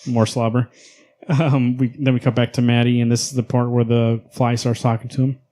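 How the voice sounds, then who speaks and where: A man's voice: mid-range voice, level tone, a little fast, dark tone. A man co-hosting a comic book podcast, casually recapping panels with laughs and asides. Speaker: podcast co-host.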